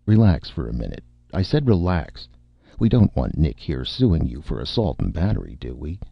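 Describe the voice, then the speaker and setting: A man's voice: rumbling low, sing-song, moderate pace, creaky, husky, no echo, exaggerated voice. A man voicing a cold, decisive male studio executive who speaks firmly, in a dry, slightly muffled recording. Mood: cool.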